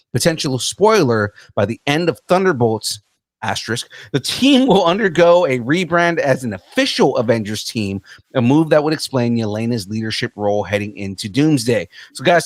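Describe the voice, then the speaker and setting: A man hosting a pop-culture podcast, playful and energetic, with plenty of fillers as he thinks aloud. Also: medium pitch, no room sound. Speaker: podcast host. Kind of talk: casual chat.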